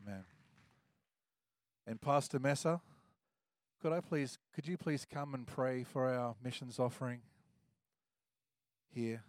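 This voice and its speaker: A man's voice: mid-range voice, unhurried, pauses often, no room sound. A man with an Australian accent leading the service, making loose, chatty announcements with self-corrections. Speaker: service leader. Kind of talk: casual church announcements.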